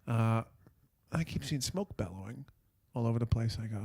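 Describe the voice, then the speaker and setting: A man's voice: mid-range voice, expressive, moderate pace, gravelly, darkish tone, husky, no echo, studio quality. A man hosting a podcast, telling a long rambling anecdote with profanity and restarts. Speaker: podcast host. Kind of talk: casual storytelling on a podcast.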